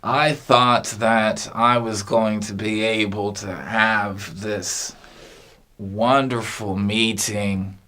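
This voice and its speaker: A man delivering a rambling comic monologue, halting and meandering with long pauses between phrases. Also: on the low side, steady tone, bright, forceful tone.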